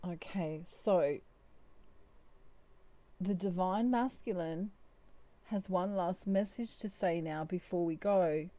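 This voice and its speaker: A woman with a soft, mellow voice reads tarot in an unhurried, halting way. She sits slightly low in pitch and speaks with gentle emotion, pausing often as she relays messages. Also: no echo. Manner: slow, soft, emotional, hesitant. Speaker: tarot reader. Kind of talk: spiritual channeled reading.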